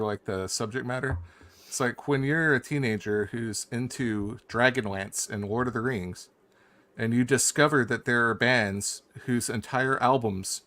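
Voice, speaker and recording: A male game designer guest chatting loosely and excitedly over a video call, with many fillers. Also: medium pitch. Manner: loose and animated, heavy on fillers. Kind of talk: casual chat. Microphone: video call mic.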